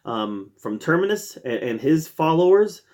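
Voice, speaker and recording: Ranking seasons of TV on his own review channel, this host speaks at a measured pace in a slightly high, sing-song voice that's a little mellow. His enthusiasm spills out through many fillers and false starts.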